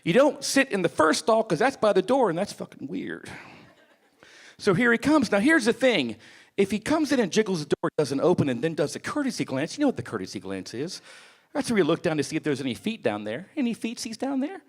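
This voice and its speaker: Man, stand-up comic, raised voice, lively swooping delivery, profane, club stage mic. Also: high-pitched, a little fast. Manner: profane, animated storytelling. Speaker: stand-up comedian. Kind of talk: stand-up comedy set.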